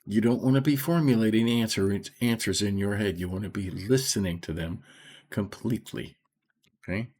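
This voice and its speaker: A middle-aged man reading scripture and explaining it in an informal, soft-spoken way, often checking in with "okay?" and slowing down on key phrases. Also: fairly low pitch. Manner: slows right down to stress key phrases. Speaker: Bible study teacher.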